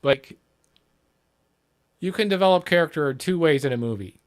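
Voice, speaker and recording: A man's voice: on the high side, lively intonation, moderate pace. A man livestreaming, chatting casually and reacting to a film clip, rambling, swearing and repeating lines back. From not Britain. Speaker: livestream host.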